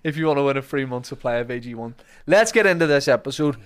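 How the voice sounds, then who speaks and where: A Northern Irish man hosting a casual podcast, reading sponsor spots with jokes and quick self-corrections. His voice sits in an ordinary middle pitch. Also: lively intonation. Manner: chatty, joking, self-correcting. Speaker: podcast host. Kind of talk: casual podcast chat with ad reads.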